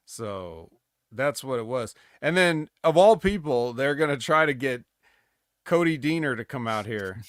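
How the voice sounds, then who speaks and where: A man's voice: mid-range voice, fairly bright tone, clean tone, no echo, studio quality. A man co-hosting a podcast, recapping wrestling in a rambling, jokey way and slipping into mock promo voices. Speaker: podcast co-host. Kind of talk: casual wrestling recap chat.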